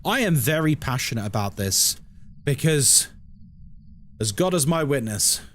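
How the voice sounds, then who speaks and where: A man's voice: mid-range voice, expressive, measured pace, a little hiss or hum. A British man chatting casually on a live stream, wry and sarcastic as he answers his chat. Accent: British English. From Britain.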